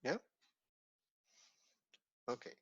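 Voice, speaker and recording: Very slowly, a Dutch-accented man, a native Dutch speaker, teaches Hebrew online, repeating things and guiding learners patiently one step at a time. His tone is fairly bright, but the audio sounds dull.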